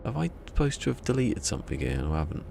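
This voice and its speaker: A man's voice: on the low side, big pitch swings, very fast, creaky, background noise. A man streaming a game, rambling and muttering to himself in a casual chat. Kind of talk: casual gameplay livestream chat. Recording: game music in the background.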